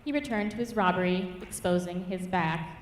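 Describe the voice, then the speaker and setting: A woman mentor reading her own rhyming fable aloud at a public reading, with rhythmic, expressive storytelling. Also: lowish voice, moderate pace, a little hiss or hum. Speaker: writing mentor. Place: church hall at a public reading. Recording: echoey church hall from far off.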